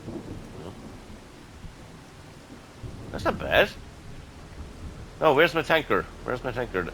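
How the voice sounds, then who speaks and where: An Irish man giving casual, excitable gameplay commentary and chatting to his viewers as "lads". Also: medium pitch, slow, vocal fry, a little hiss or hum, rough recording. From Ireland. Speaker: gaming YouTuber.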